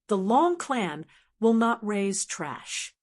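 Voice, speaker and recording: A woman's voice: mid-range voice, sing-song, slow pace. A woman narrator voicing a cold, menacing young man who sneers and threatens. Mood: scornful. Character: cold, menacing young male clan rival.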